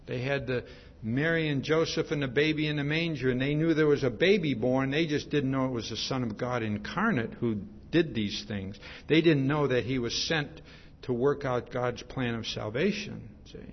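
A man's voice: medium pitch, moderate pace, in a large hall, muffled recording. A man preaching a sermon in a conversational way, often checking in with his listeners. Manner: conversational, repeats "see?" often.

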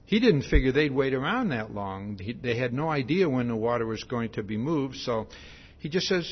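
A man's voice: medium pitch, sing-song, moderate pace, slightly rough. A male pastor giving a conversational sermon, often repeating words and asking "See?" as he acts out the quotes. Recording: dull lo-fi sound.

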